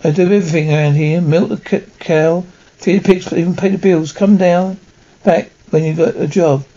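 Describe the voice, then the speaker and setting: A man's voice: a little high, fairly even intonation, normal speed, mellow. Man reading a hardworking farm girl. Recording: dull lo-fi recording.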